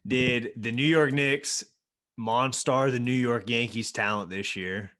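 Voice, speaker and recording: A man's voice: mid-range voice, steady tone, a little slow, fairly bright tone. A young man co-hosting a podcast, chatting casually in an easygoing, slangy way. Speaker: podcast co-host. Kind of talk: casual chat.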